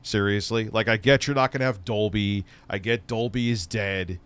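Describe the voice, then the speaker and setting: Casting: male streamer, lowish pitch, blunt sarcastic ranting, swears freely, a little stoned. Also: fairly even intonation, moderate pace, fairly bright tone, clean tone. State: stoned, voice lower than usual. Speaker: streamer and tech commentator. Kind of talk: casual profane live-stream chat.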